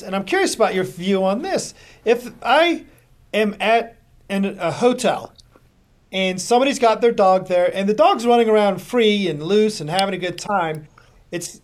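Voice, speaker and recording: A host in a casual interview winds through long questions, pausing and restarting with "um"s along the way. The voice sits at a middling pitch. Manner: rambling, hesitant questions with many "um"s. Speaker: podcast host.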